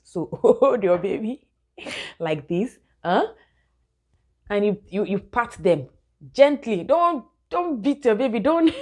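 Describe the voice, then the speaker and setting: A woman's voice: deep voice, dark tone. A young woman, a mother giving casual baby-care tips to her viewers and calling them guys. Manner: chatty, keeps addressing viewers as guys, laughs often. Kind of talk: casual instructional vlog.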